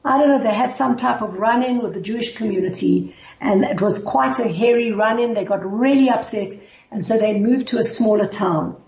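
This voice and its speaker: Animated woman telling a story, far off. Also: fairly high pitch, vocal fry. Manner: animated, acts out the characters' lines. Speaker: Torah teacher. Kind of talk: storytelling in a Bible class. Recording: roomy, distant, dull recording.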